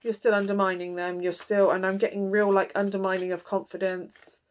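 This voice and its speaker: A woman's voice: mid-range voice, level tone, a little fast. A woman in a mid-range voice gives a casual tarot reading straight to her viewers. She talks bluntly and chattily, full of fillers and asides. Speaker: tarot reader.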